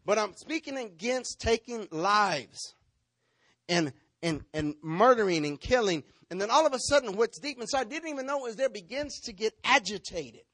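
Sex: man. Role: pastor. Style: sermon. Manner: animated, role-playing. Pitch: high. Room: dry. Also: normal speed, no room sound. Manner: animated preaching, acting out congregants.

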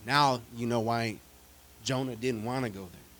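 A pastor preaching a sermon, telling stories with dramatic swings from loud declarations to hushed asides and humorous, direct remarks to his congregation. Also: mid-range voice, moderate pace, a little hiss or hum.

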